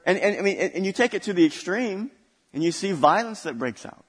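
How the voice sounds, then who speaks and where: A man's voice: sits high, expressive, brisk, breathy edge, long reverb tail. A male pastor preaching a sermon, building intensity through repeated phrases. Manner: preaching with rising intensity and repetition.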